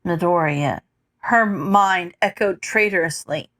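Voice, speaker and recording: A woman reading fan fiction aloud as scripted narration, measured and unhurried, with an occasional slip. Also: lowish voice, fairly bright tone. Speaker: audiobook reader.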